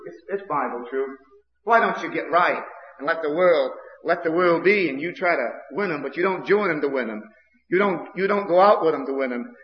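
A man from Maine, preaching a sermon in a repetitive, impassioned way that builds to outbursts. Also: fairly high pitch. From Maine, USA. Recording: dull old recording with long hall reverb.

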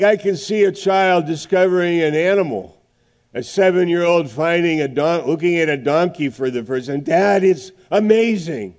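Preaching emphatically in a voice on the high side, this middle-aged man delivers a sermon full of dramatic pauses, shifting from loud passages to hushed ones.

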